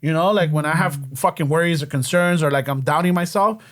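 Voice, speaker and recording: High-voiced man mixing Spanish into chat. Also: fairly quick. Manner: profane, mixes Spanish into English. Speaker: podcaster. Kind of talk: casual chat.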